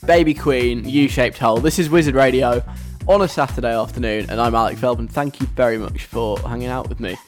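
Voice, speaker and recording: A radio host in casual, animated chat, telling a story and acting out the voices of people overheard. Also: medium pitch, brisk, few pauses, soft background music. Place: radio studio.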